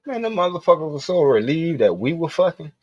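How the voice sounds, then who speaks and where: A man's voice: on the high side, sing-song, a little fast, slightly rough, no echo, lo-fi sound. A man hosting a livestream, telling loose, profane stories with frequent laughter. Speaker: livestream host. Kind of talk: casual storytelling.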